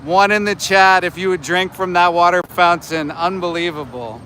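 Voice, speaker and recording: A man in his forties streams live from a phone outdoors, with faint street and traffic noise around him. His voice sits high and bright, and he talks at an unhurried pace. He needles his viewers with sarcasm and scolding. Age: 40s. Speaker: livestreaming activist. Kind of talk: livestream chat with viewers. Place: outdoors near a slaughterhouse by homes.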